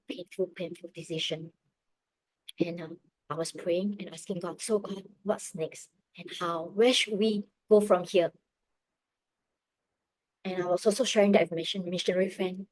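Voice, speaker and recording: A middle-aged woman telling a personal faith testimony as a parent, earnest and emotional, often dropping her voice very low. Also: darkish tone, no echo. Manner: earnest, emotional storytelling, drops to near whispers.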